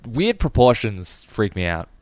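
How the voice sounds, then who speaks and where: Lively low-voiced man reacting eagerly. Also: no room sound. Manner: quick interjections and eager reactions. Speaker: film podcast co-host. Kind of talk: casual film review chat.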